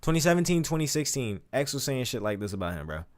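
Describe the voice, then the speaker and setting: A man streaming casual, animated, profane commentary, reading lyrics aloud between remarks. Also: mid-range voice, quick pace.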